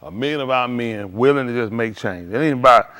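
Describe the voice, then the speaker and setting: A man preaching in a casual, conversational style, swinging from quiet to loud and acting out conversations. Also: medium pitch, brisk, a little hiss or hum. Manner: animated, shifting between quiet and loud, acts out dialogue. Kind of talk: livestreamed sermon.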